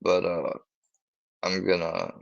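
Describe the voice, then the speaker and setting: A man speaks in a very low, gravelly voice, talking slowly and in a halting way as he hunts for words. This is a casual live stream from home. The audio is dull and lo-fi. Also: level tone, no echo.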